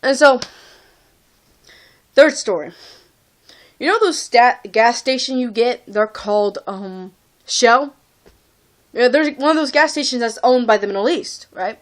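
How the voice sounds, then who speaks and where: A woman's voice: on the high side, lively intonation, unhurried, long pauses. A young woman from Texas telling a rambling, exasperated story to camera, recorded on a phone. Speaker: vlogger.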